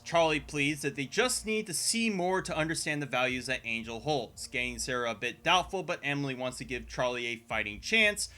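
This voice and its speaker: A man delivering scripted commentary as a video essayist, sarcastic and profane, with sudden exasperated jumps in pitch. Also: bright, forceful tone. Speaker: video essayist reviewing a show.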